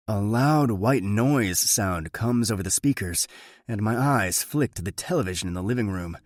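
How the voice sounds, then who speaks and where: Low-voiced male audiobook narrator. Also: expressive, normal speed, no room sound, studio quality. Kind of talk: first-person thriller narration.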